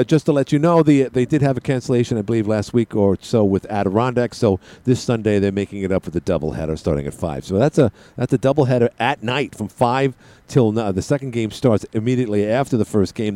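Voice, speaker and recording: A man's voice: lowish voice, warm tone, no echo. A man hosting a call-in radio show, chatting in a rambling, joking way with plenty of side tangents. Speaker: radio talk show host. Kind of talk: call-in talk radio chat.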